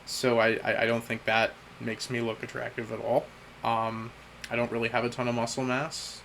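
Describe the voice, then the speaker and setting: Halting, self-critical young man. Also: mid-range voice, completely flat delivery, gravelly, a bit bright, a little hiss or hum, poor audio. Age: young adult. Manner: halting and self-critical, with frequent restarts and pauses. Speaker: vlogger. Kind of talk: candid personal message to his future self.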